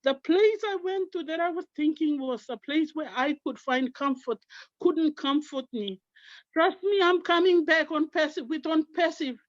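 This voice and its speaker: On an online call, a team member shares her story: a middle-aged Papua New Guinean woman with a high voice giving a heartfelt, earnest testimony steeped in fervent faith. The recording is dry, with the highs cut off.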